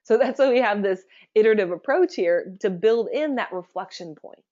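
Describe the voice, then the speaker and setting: A woman giving a conversational webinar presentation, chatty and relaxed, often asking her listeners rhetorical questions. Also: mid-range voice, moderate pace, highs cut off.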